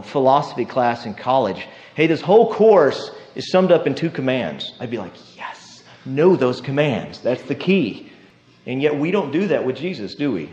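Male preacher, casual storytelling sermon, mid-pitched voice, dull lo-fi sound. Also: darkish tone. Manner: conversational, storytelling with tag questions. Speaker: pastor. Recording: muffled lo-fi sermon recording.

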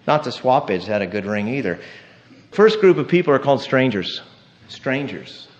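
A pastor preaches a sermon in a conversational, storytelling style, often asking his listeners "right?" His mid-range voice is very animated at a moderate pace, and the recording is muffled and lo-fi.

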